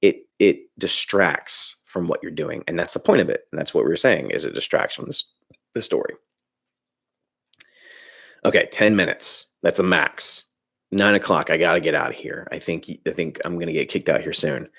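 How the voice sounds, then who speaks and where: Gravelly low-voiced man ranting casually. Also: moderate pace. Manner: rambling, animated ranting with frequent restarts; reads out chat comments. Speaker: filmmaking YouTuber hosting a livestream. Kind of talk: casual livestream chat.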